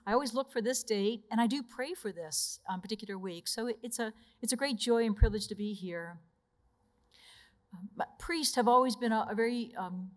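A woman religious sister speaks to a retreat audience in a conversational, personal way. She tells stories and laughs easily between them. Her voice sits at a middle pitch.

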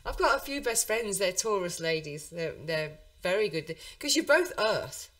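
Chatty English woman host with a Birmingham accent, giggly and animated, recorded a little off-mic. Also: lowish voice, normal speed, distant mic. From England. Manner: bubbly, laughs often. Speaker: podcast host. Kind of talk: casual interview chat.

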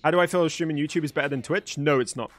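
A young man live-streaming a game, chatting with viewers in an animated, swearing, playful way. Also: a little high, very fast, faint music behind. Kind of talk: live stream commentary and chat.

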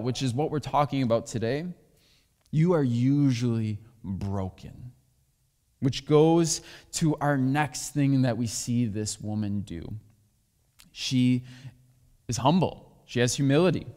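A man's voice: mid-range voice, a little mellow. A man preaching a sermon as pastor, talking candidly and sharing personal stories. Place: church sanctuary. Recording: long hall reverb.

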